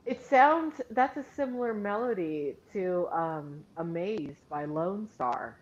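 A woman's voice: lowish voice, animated, slow pace, dull audio, a little hiss or hum. A woman bantering on a live stream, teasing the others and humming song lines. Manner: teasing, sings snatches of songs. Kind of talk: casual banter.

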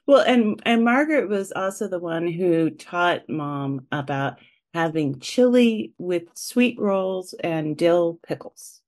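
Slow, measured teacherly woman. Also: fairly low pitch, lively intonation, darkish tone. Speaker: podcast co-host. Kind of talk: casual family podcast chat.

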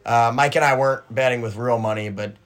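A young man co-hosting a casual sports podcast, opinionated and animated as he tells a story. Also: mid-range voice, a little fast. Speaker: podcast co-host.

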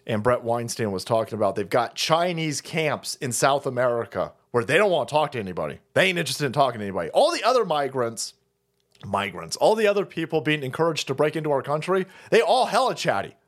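Animated, profane male stream host. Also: mid-range voice, fast talker. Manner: profane, sarcastic, laughs often. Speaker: livestream host. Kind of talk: casual political rant.

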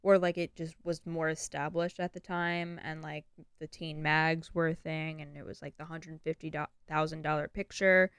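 A young woman co-hosting a podcast in loose, chatty bursts with plenty of "like" fillers. Her voice sits a bit low and sounds smooth and clean. It is recorded close and dry, with no room sound. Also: flat delivery, fairly bright tone, no echo. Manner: chatty, speaks in quick bursts with many "like" fillers. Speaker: podcast co-host. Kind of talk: casual chat.

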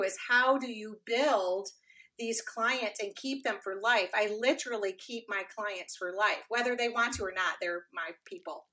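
A middle-aged woman tells her story in a casual interview, with a bright voice. She talks in an animated way, slips into the voices of the people she quotes, and keeps dropping in fillers. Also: a little high. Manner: animated, acts out quoted dialogue, frequent fillers. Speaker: podcast guest.

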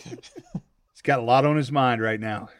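A man's voice: medium pitch, a little slow, dry recording. A man co-hosting a casual movie review podcast, chiming in with dry, teasing sarcasm. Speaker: podcast co-host.

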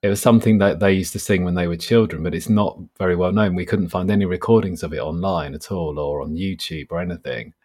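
A man, an author guest explaining his work in a relaxed, storytelling way. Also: low voice, quick pace, hardly any pauses. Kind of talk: casual conversational interview.

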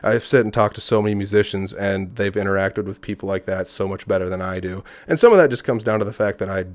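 A man with a lowish voice talks quickly and loosely as a podcast guest. He rambles through anecdotes in casual chat and slips into the voices of people he quotes. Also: dry recording. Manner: rambling storyteller who acts out quotes. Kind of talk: casual conversation.

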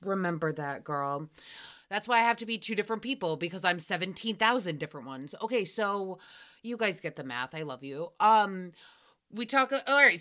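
A woman's voice: on the high side, lively intonation, normal speed, bright, forceful tone. A young adult woman hosting a casual recap podcast, chatty and self-mocking, with frequent swearing. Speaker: podcast host.

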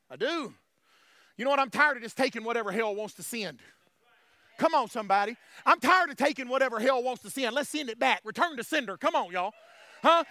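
A man's voice: very high-pitched, expressive, a little fast, bright, forceful tone, dry recording. A man preaching a fiery call-and-response sermon as pastor.

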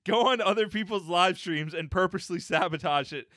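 A man's voice: high voice, a little fast, fairly bright tone, no room sound, studio quality. A man hosting a casual podcast, reading out a list and joking with friends. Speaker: podcast host.

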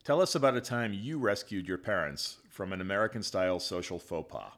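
A man reads interview questions aloud in a plain, direct way. His voice is very deep, and his pitch moves a lot. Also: animated, a little fast, a bit bright.

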